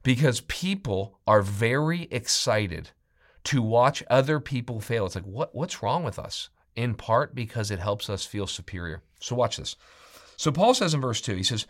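Animated male preacher. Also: normal speed. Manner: animated, rising in pitch and volume when quoting scripture. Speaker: pastor. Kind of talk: sermon.

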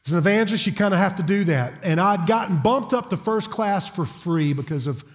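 A middle-aged Southern preacher from South Carolina with a notably high-pitched voice, delivering a sermon from a church stage. He talks in a folksy, joking, storytelling way. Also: lively intonation, fairly quick. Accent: Southern American. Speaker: guest preacher. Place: church auditorium.

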